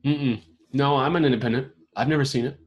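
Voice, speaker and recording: A man's voice: mid-range voice, fairly even intonation, a little fast, dull audio. A man hosting a casual roundtable, reading a list of questions aloud and reacting to them with amused commentary. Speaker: podcast host.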